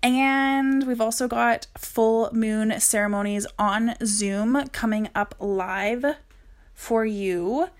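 A woman's voice: fairly high pitch, takes it slowly. Bubbly, laughing woman podcast host. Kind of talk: casual podcast chat. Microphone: video call.

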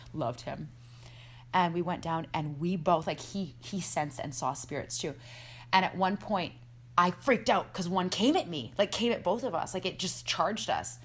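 A woman chatting casually as a podcast guest, an animated storyteller talking about energy and spirits with sudden excited jumps in her voice. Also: on the low side, slight background noise. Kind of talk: casual chat.

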